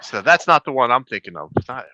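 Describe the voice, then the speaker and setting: A man's voice: medium pitch, very animated, fast, bright, forceful tone, no echo, muffled recording. A man co-hosting a casual talk show who laughs easily and chimes in with short replies. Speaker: podcast co-host. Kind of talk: casual chat.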